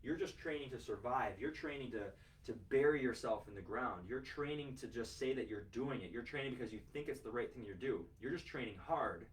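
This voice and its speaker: A man's voice: medium pitch, fairly quick, hardly any pauses, distant mic. A man as a fitness coach, lecturing his podcast listeners in an emphatic, repetitive, motivational way, swearing casually. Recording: roomy sound from a mic set back.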